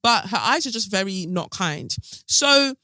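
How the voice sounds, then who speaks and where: A man's voice: high-pitched, a little slow, no room sound. Guy chatting gossip on his podcast, sassy, lots of ums, dead dry sound. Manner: animated and gossipy, full of filler ums and sassy asides. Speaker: podcast host. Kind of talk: casual commentary podcast.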